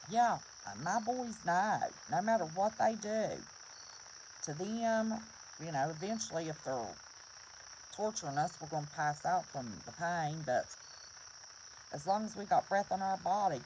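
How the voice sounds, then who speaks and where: A woman's voice: medium pitch, background noise. A middle-aged woman from West Virginia in a casual vlog chat, earnest and preachy, repeating herself for emphasis. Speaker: prepper vlogger.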